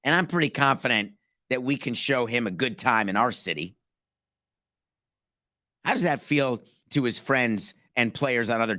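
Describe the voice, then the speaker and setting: A man's voice: mid-range voice, pushed and bright, no room sound, clean studio sound. A man hosting a sports talk podcast, speaking emphatically and firing off rhetorical questions. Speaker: podcast host.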